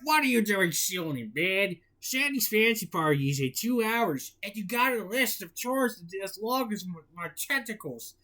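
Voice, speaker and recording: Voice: mid-range voice, animated, normal speed, few pauses, sharp tone, voice pushed up. A storyteller voicing a grumpy adult male squid who scolds and mocks. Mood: scolding. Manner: mocking, scolding.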